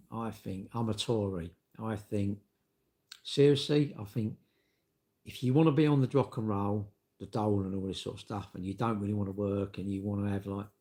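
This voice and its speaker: Sweary bloke, sixties, gravelly and low-voiced, live-stream rant. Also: male voice, a little mellow. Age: 60s. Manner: blunt, sweary, storytelling with acted-out quotes. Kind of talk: casual ranting monologue.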